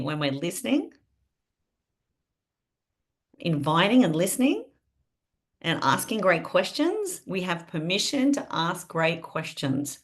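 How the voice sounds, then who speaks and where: A woman leading a live online training for her sales team over a video call, chatty and lively, often asking her listeners questions. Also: on the low side, unhurried.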